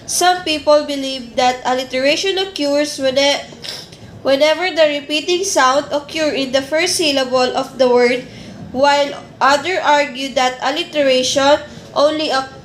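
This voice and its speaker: Woman teacher, high voice, classroom lesson, echoey room. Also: slight background noise. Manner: deliberate, explaining step by step with restarts. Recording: echoey room with faint ambience.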